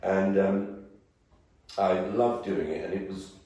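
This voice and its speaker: Older man, Birmingham accent, rambling guest speaker; low voice, distant mic, big reverberant hall. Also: steady tone, takes it slowly, mellow. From England. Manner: rambling, jokey, casually swearing. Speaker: guest actor. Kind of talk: anecdotal talk and Q&A. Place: event room before a live audience.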